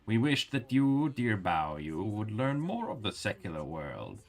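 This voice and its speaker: Guy doing a slow solemn old grandma matriarch, archaic talk, lowish voice. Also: huge pitch swings, heavily acted. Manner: slow, archaic, formal speech. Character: revered elderly matriarch grandmother, stately and solemn.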